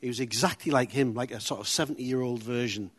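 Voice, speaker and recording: A man with a Teesside accent speaking to a church group. He talks in a chatty, self-deprecating way and mixes funny stories into his sermon. His voice sits in an ordinary middle pitch. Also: fast talker, husky. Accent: Teesside English. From Middlesbrough, England. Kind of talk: informal sermon with humorous anecdotes.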